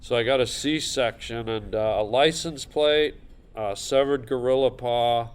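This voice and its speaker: A Canadian man with a Canadian accent, a comedian guest telling deadpan absurd stories in casual podcast chat on a comedy club stage. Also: mid-range voice, measured pace, clean tone. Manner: deadpan absurd storytelling, rambling.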